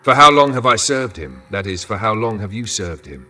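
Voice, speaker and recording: A man voicing a cold, relentless male inquisitor in a dark fantasy story, speaking in a clipped way. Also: fairly low pitch, big pitch swings, normal speed, heavily acted. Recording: voice from a distance with faint music.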